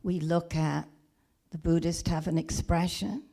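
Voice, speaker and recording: A woman minister tells a story from the pulpit in a low voice, taking her time. She speaks gently and haltingly, often restarting her phrases. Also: little pitch movement, vocal fry. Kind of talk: storytelling sermon. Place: church or spiritual center.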